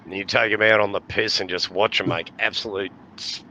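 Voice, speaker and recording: A man's voice: lowish voice, fairly even intonation, a little fast, bright, forceful tone, muffled recording, slight background noise. An Australian man in his sixties telling rowdy stories in casual chat, laughing often and swearing freely. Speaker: podcast host.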